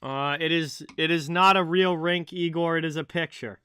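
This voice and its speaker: A man's voice: a little high, fairly even intonation, normal speed, sharp tone, clean tone. A man hosting a live hockey stream, chatting casually about the standings and answering viewers by name. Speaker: livestream hockey host. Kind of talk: casual live-chat commentary.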